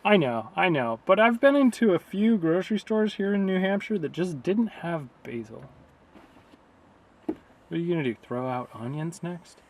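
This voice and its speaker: A man's voice: high-pitched, lively intonation, normal speed, a little hiss or hum. A man vlogging outdoors beside a river, talking casually in a sarcastic, rambling way. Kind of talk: casual vlog rant.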